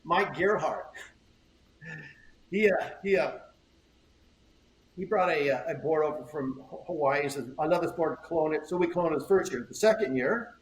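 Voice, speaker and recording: A man's voice: on the high side, animated, a little slow, pauses often, a little hiss or hum. An older man, a surfboard shaper guesting on a podcast, telling stories in a rambling way, repeating words and acting out conversations. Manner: rambling, repeats words, acts out quoted exchanges. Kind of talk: casual interview storytelling. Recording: roomy echo, faint ambience.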